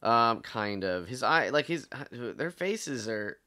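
A man co-hosting a comedy podcast, talking goofily, laughing a lot and dropping deadpan asides. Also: mid-range voice, takes it slowly. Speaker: podcast co-host. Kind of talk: casual comedy podcast banter.

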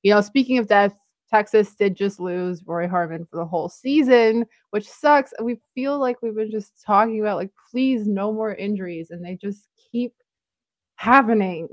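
A woman's voice: medium pitch, moderate pace, dry recording. Upbeat young woman co-hosting, dry sound. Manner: upbeat, chatty, laughs easily. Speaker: podcast co-host. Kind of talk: casual sports podcast chat.

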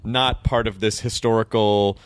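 A man's voice: on the low side, steady tone, moderate pace, clear, resonant tone, dry recording. A man hosting a talk show, joking and stumbling over repeated words. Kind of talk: casual chat.

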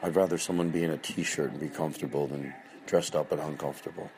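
Deep-voiced man rambling and joking. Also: steady tone, quick pace, creaky, a little mellow, a little hiss or hum. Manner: loose and joking, breaks into high mocking voices for bits. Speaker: podcast host. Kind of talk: casual rambling monologue.

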